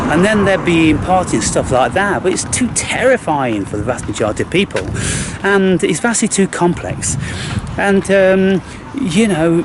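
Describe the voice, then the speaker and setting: Animated, swearing man outdoors. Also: on the high side, heavy background noise. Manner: profane, rambling, animated, frequent restarts. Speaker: spiritual vlogger. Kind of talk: unscripted monologue vlog. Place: outdoors in a graveyard.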